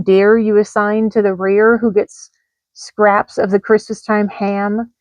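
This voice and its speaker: A woman reading rhyming holiday letters aloud in a lively sing-song delivery. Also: mid-range voice, a little slow, dry recording, rough recording. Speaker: storyteller.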